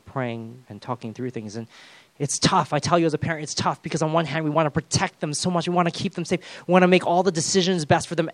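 A man's voice: medium pitch, dry recording. Conversational male pastor preaching. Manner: conversational, self-deprecating humor. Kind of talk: sermon.

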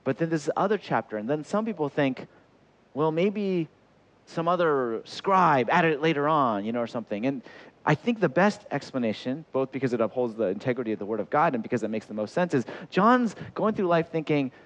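A man preaching a sermon in an animated way, acting out the voices he quotes. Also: mid-range voice, fast talker. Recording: dull lo-fi sound.

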